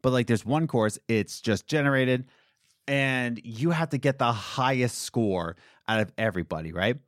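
A young man co-hosting a casual podcast about video games, talking in an excited, rambling way. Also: normal speed, no echo, clean studio sound. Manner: excited, rambling, jumps between high and low pitch. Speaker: podcast co-host.

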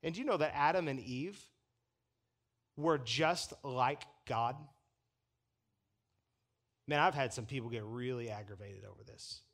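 A man preaching a sermon from the pulpit, animated and chuckling as he acts out the people he quotes. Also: mid-range voice, a little slow, long pauses. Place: church pulpit.

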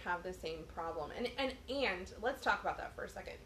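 A woman co-hosting a podcast, a mother telling lively stories in casual chat. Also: on the low side, a little fast, echoey room, a little hiss or hum. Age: adult, mother of children. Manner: chatty, animated storyteller. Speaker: podcast co-host.

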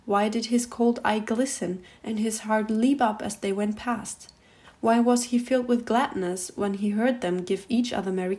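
A woman reads a classic story aloud with expressive storytelling. Her voice sits at a middle pitch. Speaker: reader. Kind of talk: literary reading.

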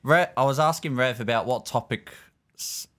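A man's voice: mid-range voice, a little slow, fairly bright tone. An easygoing man from Australia with an Australian accent, chatting as a podcast guest in a shed studio. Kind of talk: casual chat.

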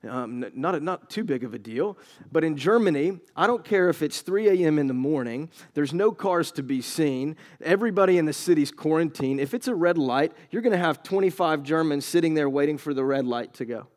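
High-voiced preaching man. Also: animated, a little fast, a little mellow. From United States. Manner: storytelling, building to emphatic preaching. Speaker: pastor. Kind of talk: sermon.

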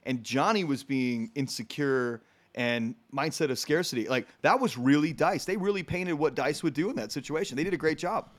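A man's voice: a little high, normal speed. A man in a casual podcast conversation, talking with enthusiasm and swearing casually.

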